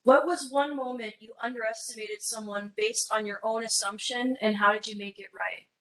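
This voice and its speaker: A woman's voice: on the high side, fairly even intonation, moderate pace, low-quality recording. A woman on a college's staff, asking a question at a public forum in a playful, wry way. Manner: playful, wry, drops pop-culture references.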